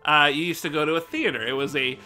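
Bright-voiced American guy rambling to viewers. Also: fairly high pitch, fast talker, soft background music. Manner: laid-back, rambling, swears casually. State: slightly out of breath. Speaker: streamer. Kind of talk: casual rambling chat to viewers.

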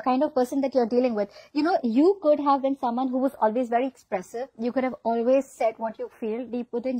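A woman's voice: on the high side, warm tone, dry recording, low-quality recording. A woman giving a casual tarot reading, chatty and filled with "okay?" check-ins. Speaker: tarot reader.

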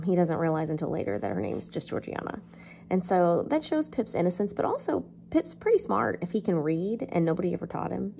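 A woman's voice: fairly low pitch, creaky, dark tone, a little hiss or hum. A woman English teacher giving a casual, chatty literature lesson, filled with fillers and the odd joke. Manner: chatty, lots of fillers, jokes.

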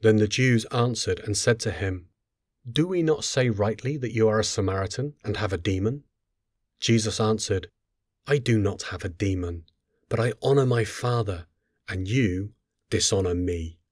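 A man with a lowish voice reads scripture in a solemn, measured way. His delivery is unhurried and steady. The sound is dry and close, with no room around it. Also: no echo. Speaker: scripture reader.

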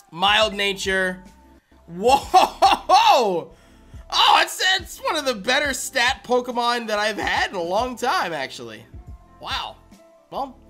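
A man streaming a video game live, chatting loosely with viewers and breaking into high, excited squeals and laughter. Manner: rambling chat to viewers with fillers. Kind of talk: live-stream shiny-hunt reaction.

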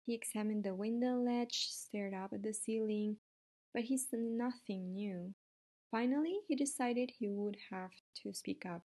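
Lady reading a kids' book aloud, steady, average pitch. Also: measured pace. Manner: steady, with small slips. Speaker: reader.

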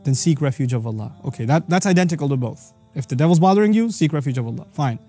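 A man teaching on scripture in an energetic explanatory talk, reciting verses quickly and then explaining them. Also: a little high, soft background music. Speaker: Quran teacher.

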